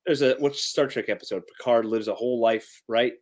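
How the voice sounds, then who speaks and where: A man's voice: medium pitch, brisk, crowd noise. Rambling, apologetic man in casual chat. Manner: rambling, apologetic, self-deprecating, laughs often. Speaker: podcast co-host.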